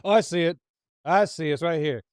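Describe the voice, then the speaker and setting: A man co-hosting a casual chat, quick to react and excitable. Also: a little high, smooth, no room sound, clean studio sound. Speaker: co-host.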